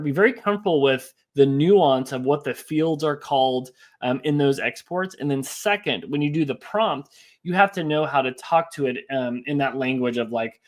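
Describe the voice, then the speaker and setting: Man presenting on a live webinar. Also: medium pitch. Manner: relaxed, conversational, many "um" fillers, answers chat questions. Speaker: host of a live business webinar. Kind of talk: casual presentation walking through slides.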